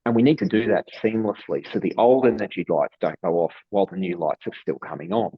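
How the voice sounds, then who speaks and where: A man with an Australian accent giving prepared remarks as an industry economist on a webinar panel, in a measured, steady delivery. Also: low-pitched, slightly rough, muffled recording.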